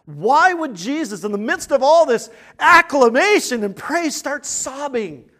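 A man preaching a sermon in an earnest way, asking rhetorical questions and swinging from quiet, hushed points to loud, emphatic ones. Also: very high-pitched, big pitch swings, a little slow. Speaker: pastor.

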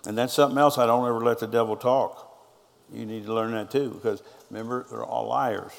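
In a large hall, a middle-aged pastor preaches with a steady, mid-range voice, brisk and touched with vocal fry. He tells stories through his sermon, quoting people's words back and forth as though in conversation.

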